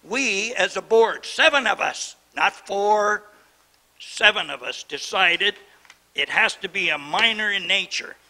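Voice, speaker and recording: A man's voice: sits high, unhurried, pushed and bright, rough recording. A middle-aged man chairing a town council meeting, worked up and indignant as he lectures the council from the chair. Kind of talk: heated council debate.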